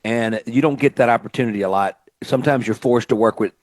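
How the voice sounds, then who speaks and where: A man's voice: medium pitch, fast talker, no room sound. A man from Mississippi hosting a radio show, talking in a casual, reflective and grateful way. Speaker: radio show host and singer-songwriter.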